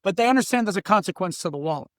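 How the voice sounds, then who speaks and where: A man's voice: high-pitched, expressive, very fast, fairly bright tone, dry recording, studio quality. A middle-aged man, a workplace coach, telling blunt stories in a podcast interview and acting out the people he quotes. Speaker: diversity trainer and workplace coach. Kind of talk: animated storytelling in a podcast interview.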